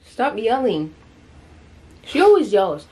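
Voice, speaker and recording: A woman's voice: on the high side, sing-song, dark tone. A young woman hosting a casual eating video at home, playful and joking. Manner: playful, joking, quick to laugh. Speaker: host. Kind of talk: casual chat. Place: home, indoors. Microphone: phone camera.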